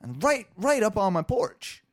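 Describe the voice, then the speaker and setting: A man's voice: high-pitched, very animated, measured pace, no room sound, clean studio sound. A man co-hosting a podcast, telling a long, rambling, profane story in casual chat. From Orlando area, Florida. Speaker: podcast co-host.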